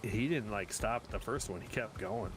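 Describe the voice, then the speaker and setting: A man in his forties, a streamer telling animated, exasperated stories in casual chat while gaming, with some swearing. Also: lowish voice, moderate pace, noisy background.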